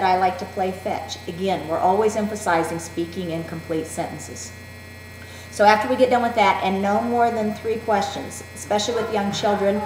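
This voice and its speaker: A woman teacher demonstrating a classroom activity in a clear, deliberate, instructive way. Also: medium pitch, slight background noise. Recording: roomy echo.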